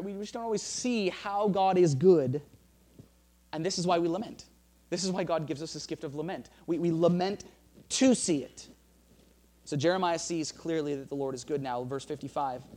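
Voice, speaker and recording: A man preaching a sermon in an earnest way, often repeating words and dropping softer to read scripture. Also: a little high, brisk. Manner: earnest, repeats phrases, drops soft for scripture. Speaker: pastor.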